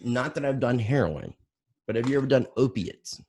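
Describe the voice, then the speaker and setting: A man in a casual drunk chat who keeps interrupting with animated remarks. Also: medium pitch, moderate pace, a crowd in the background.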